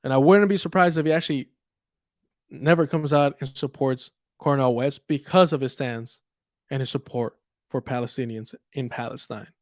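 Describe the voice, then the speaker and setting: A man's voice: medium pitch, fairly even intonation, normal speed, dry recording, clean studio sound. Profane, heated young male commentator. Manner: angry, profane, sarcastic, mocks others in put-on quotes. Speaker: political commentary streamer.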